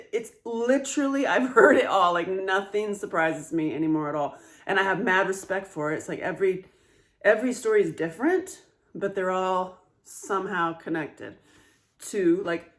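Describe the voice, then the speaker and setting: A woman speaking candidly in a casual monologue as a trauma advocate, animated and swearing freely. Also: mid-range voice.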